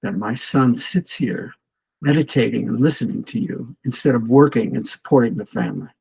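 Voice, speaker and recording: A man's voice: mid-range voice, normal speed, vocal fry, mellow, breathy edge, low-quality recording. A man voicing an angry father within a told story, speaking in an accusing way.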